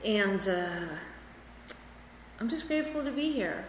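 A woman's voice: medium pitch, animated, slow pace, slight background noise. A speaker from Chicago sharing her story at a recovery meeting, rambling and chatty with lots of fillers, recorded in a meeting hall. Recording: echoey hall with room ambience.

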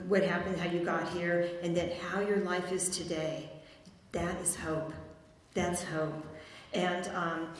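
A middle-aged woman telling her recovery story at a meeting in a rambling, chatty way with fillers and frequent self-mocking laughs. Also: lowish voice. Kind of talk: personal testimony talk. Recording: echoey hall reverb, faint noise.

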